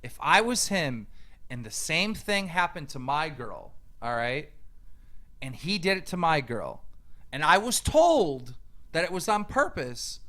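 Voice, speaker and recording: A man's voice: on the high side, very animated, a little slow. A man ranting angrily in a reaction video, mocking and profane as he answers back to a clip. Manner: mocking, profane, shouting rebuttals. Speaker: online commentator. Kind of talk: angry reaction rant.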